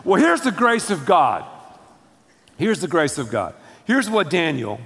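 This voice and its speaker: A man preaching a sermon, telling the story in a lively, slangy way. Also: on the high side, measured pace, long reverb tail. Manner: animated storytelling with slangy asides. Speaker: pastor.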